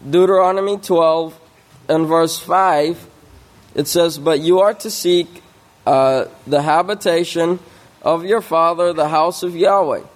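A man delivers a sermon-style scripture study at an unhurried pace. His voice sits somewhat high for a man. He reads passages aloud, then works through word meanings with small fillers and restarts. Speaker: preacher.

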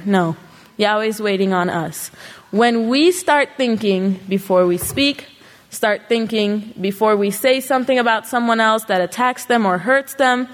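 A woman giving an earnest sermon to a congregation, pressing her listeners with rhetorical questions. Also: mid-range voice. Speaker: congregation speaker. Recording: long hall reverb.

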